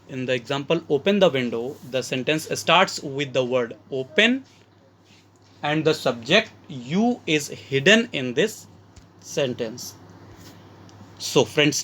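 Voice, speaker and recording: A man's voice: a little high, fairly bright tone. A man with an Indian English accent, teaching a grammar lesson from slides and explaining each example step by step as he calls his listeners friends.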